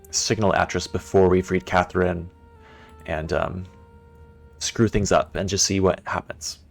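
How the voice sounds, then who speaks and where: A man with a deep, low voice talks casually through a game stream. He thinks out loud as he plays, answers comments from chat, and keeps a playful, chatty manner. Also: creaky.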